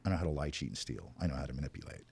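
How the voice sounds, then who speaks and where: A man as a podcast guest, telling his recovery story in a candid, self-deprecating, animated way. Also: a bass voice, rapid-fire, vocal fry, breathy edge.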